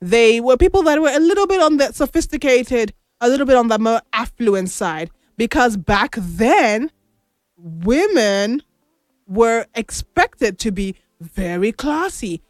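Woman host, slightly high, conversational, tosses questions at listeners, dry sound. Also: dry recording. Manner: chatty, asks listeners questions. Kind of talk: casual on-air talk.

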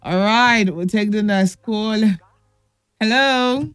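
A woman's voice: mid-range voice, takes it slowly, clear, resonant tone, dry recording, studio quality, soft background music. A woman hosting a children's radio call-in show, playful and teasing, laughing often and calling the callers pet names. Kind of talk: lively radio call-in chat.

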